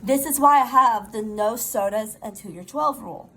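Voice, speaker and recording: A woman's voice: a little high, normal speed, poor audio. Middle-aged lady rambling thru a storytime, getting over pneumonia, faint hiss behind. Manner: rambling, animated storytelling with asides. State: recovering from pneumonia. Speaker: vlogger. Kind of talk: casual storytime chat.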